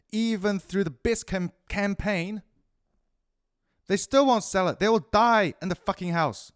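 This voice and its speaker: A man with a New Zealand accent ranting profanely through a rambling solo monologue, swinging between loud outbursts and muttered asides. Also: high-pitched, dry recording, studio quality. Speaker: podcast host.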